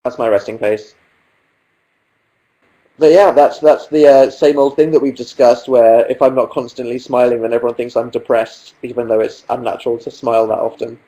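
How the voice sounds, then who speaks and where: A young man talks into his webcam mic from the sofa at home, reading out viewer questions. His humor is dry and self-mocking, with plenty of deadpan asides. The tone stays casual throughout. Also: mid-range voice, normal speed, low-quality recording. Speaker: livestream host. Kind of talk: casual livestream chat.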